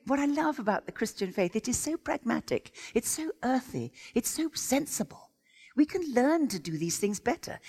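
In a church sanctuary full of long, ringing reverb, a woman visiting to preach tells stories with exclamatory energy. Her enthusiastic delivery rises and falls in lively pitch swoops.

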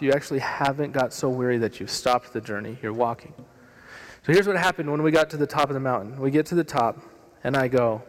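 A man preaching a sermon as a pastor, telling a story with humor and lively delivery in a church hall. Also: medium pitch. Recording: long reverb of a hall.

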